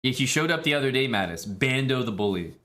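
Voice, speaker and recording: A man from Canada, streaming chess in a relaxed, chatty way with many fillers. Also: mid-range voice, fast. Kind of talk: casual live-stream commentary.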